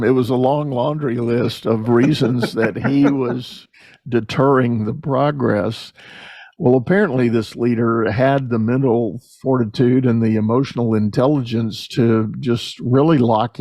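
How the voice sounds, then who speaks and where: Mellow-voiced man hosting a podcast. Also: mid-range voice, a little slow, no echo. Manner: storytelling with animated quoted voices. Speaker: podcast host. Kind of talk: conversational interview.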